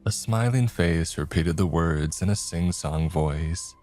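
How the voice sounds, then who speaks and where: A man giving a measured, dramatic scripted narration of a horror story. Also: very deep voice, dark tone. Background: faint music.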